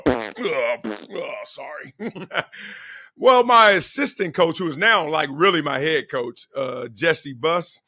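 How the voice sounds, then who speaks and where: A middle-aged male host talks in a loose, slangy way, laughing often as he tells his stories. His voice is hoarse, gravelly and tense with brightness. The sound is dry and close, with no room around it. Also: mid-range voice, no room sound. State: hoarse from yelling. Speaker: show host. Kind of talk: casual solo vlog chat.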